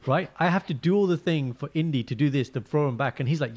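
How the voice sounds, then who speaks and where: A man chatting casually as a podcast co-host, telling stories and acting out quotes in lively voices. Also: a little high, fast talker. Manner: animated storyteller, acts out quotes. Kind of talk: casual chat.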